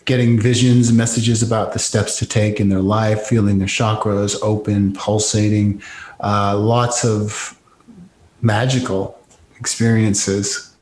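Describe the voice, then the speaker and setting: A man's voice: fairly low pitch, level tone, a little slow, darkish tone, slight background noise. Male guest coach, enthusiastic, earnest; roomy recording. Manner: enthusiastic, earnest, occasional swearing. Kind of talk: casual interview talk.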